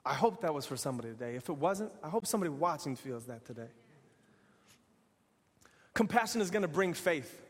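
A man's voice: fairly high pitch, sing-song, fairly quick, pauses often, breathy edge, long reverb tail. A man preaching an earnest sermon in repeated, building phrases. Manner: earnest, repetitive, building to exhortation.

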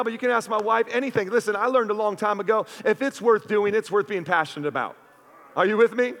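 Fervent preaching man, high voice. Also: fast, fairly bright tone. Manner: fervent, with frequent "man" fillers and "right?". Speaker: pastor. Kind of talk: sermon. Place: church. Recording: long hall reverb.

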